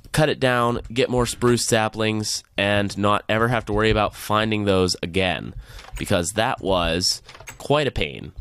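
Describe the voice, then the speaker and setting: A man's voice: on the low side, fairly bright tone, smooth, no echo. A man hosting a let's play, chatting and cheering or groaning at the game as he plays. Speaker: gaming channel host.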